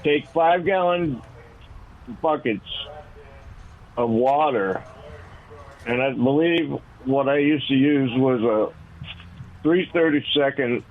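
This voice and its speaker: Male caller, slow talker, rambling, self-correcting, tinny phone line. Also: mid-range voice, slight background noise. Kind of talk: call-in radio chat.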